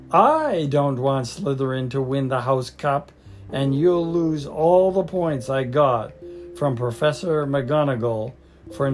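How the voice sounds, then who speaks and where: A man's voice: fairly high pitch, a little mellow. A man voicing a bossy know-it-all schoolgirl witch in a storybook reading, scolding and indignant, with faint music behind.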